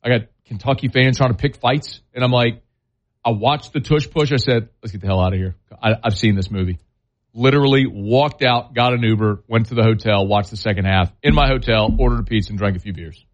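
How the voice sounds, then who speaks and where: A man's voice: mid-range voice, brisk. A blunt man hosting a sports talk radio show. He scolds and jokes in a plain, folksy way. The sound is a little dull. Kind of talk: opinionated sports talk and live-read ads.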